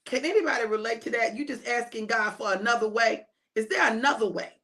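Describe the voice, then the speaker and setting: A woman preacher giving an animated, emphatic sermon and addressing listeners as "baby". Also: on the high side, fast talker.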